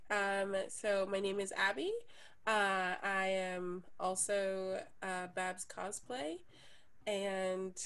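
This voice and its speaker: A woman guest on a casual panel chat, an excitable storyteller who laughs often. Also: medium pitch. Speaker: cosplayer guest.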